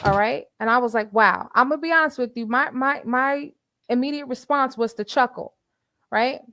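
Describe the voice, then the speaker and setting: A woman's voice: high voice, moderate pace, bright, forceful tone, dry recording. Woman, livestream commentary host, casual, preachy, repeats phrases, fillers, dry close sound. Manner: chatty, preachy, quotes scripture.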